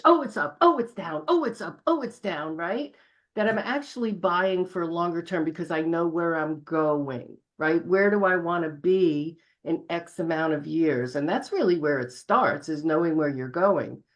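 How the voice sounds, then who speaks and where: A woman speaking candidly in casual conversation as a client, acting out quoted asides with animation. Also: lowish voice. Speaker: guest client. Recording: slightly dull, muffled sound.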